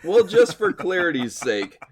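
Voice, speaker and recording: Male co-host, lively pitch, friendly, laughs a lot, asks questions. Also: measured pace, a crowd in the background. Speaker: podcast co-host. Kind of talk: casual chat.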